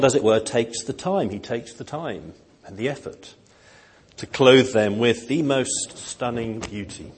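A man preaching a sermon in a slow, gentle, earnest way, with emphatic rises. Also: medium pitch, slight background noise. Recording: long hall reverb.

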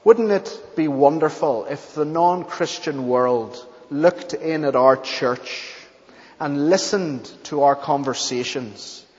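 A man preaching a sermon and leading a closing prayer in a church, with an earnest, measured delivery and deliberate pauses. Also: a little high. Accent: not English. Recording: dull lo-fi church recording with long reverb.

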